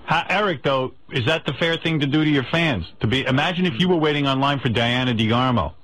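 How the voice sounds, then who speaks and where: A man's voice: mid-range voice, fast, a bit bright, poor audio. A man hosting a radio talk show, teasing and needling a caller. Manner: playful and needling. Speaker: host.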